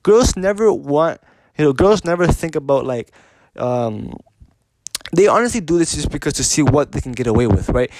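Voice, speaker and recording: A man's voice: fairly high pitch, animated, normal speed, a little mellow, dry recording. A man hosting his own advice show, talking off the cuff in a blunt, profane, repetitive way. He often restarts his sentences and keeps asking "you know what I mean.". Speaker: podcast host giving dating advice. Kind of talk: casual unscripted monologue.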